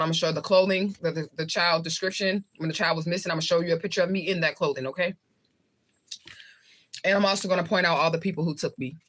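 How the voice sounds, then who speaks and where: A woman's voice: fairly low pitch, a bit bright. A woman from the southern United States, talking casually to viewers on a livestream, with a rambling, loose delivery. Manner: rambling, talks while eating. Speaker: livestream host. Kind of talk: casual live chat with viewers.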